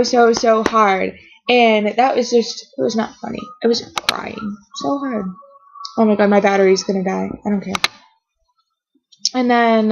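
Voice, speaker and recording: A woman's voice: a little high, a little hiss or hum. A woman filming a rambling, emotional fan reaction vlog at home, gushing and trailing off mid-sentence. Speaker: vlogger reacting to a TV episode. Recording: dull lo-fi webcam audio.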